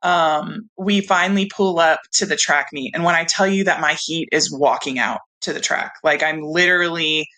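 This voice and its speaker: A woman's voice: sits low, normal speed, hardly any pauses, poor audio. A woman from California, a guest in her thirties, telling stories in a casual interview with many "um"s and "like"s. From San Diego, California. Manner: animated, chatty, many fillers like "um" and "like". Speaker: guest, professional volleyball player.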